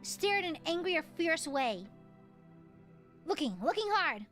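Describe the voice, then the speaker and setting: High, animated woman streamer. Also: a little slow, faint music behind. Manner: animated, reads game text aloud, swears casually. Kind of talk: casual game livestream.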